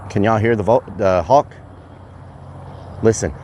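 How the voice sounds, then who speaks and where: A man with a drawl chats loosely and excitably to his viewers, calling out to them as y'all. His voice sits a little on the low side. Faint outdoor noise runs under the phone recording. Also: a little slow. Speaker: livestreamer. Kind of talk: casual outdoor livestream chat. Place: outdoors at a rural property.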